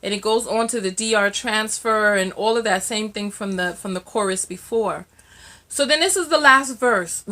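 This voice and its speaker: A woman's voice: medium pitch, moderate pace, bright, forceful tone. A woman reacting to song lyrics in casual vlog commentary, repeating herself and sounding startled. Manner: repetitive, exclamatory and startled. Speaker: reaction vlogger.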